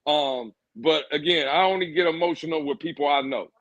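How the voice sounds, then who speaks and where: A man's voice: a little high, fairly quick, fairly bright tone, no echo, muffled recording. A man co-hosting a live-streamed football show, speaking bluntly and with dry humor. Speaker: podcast co-host. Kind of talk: casual live-stream chat.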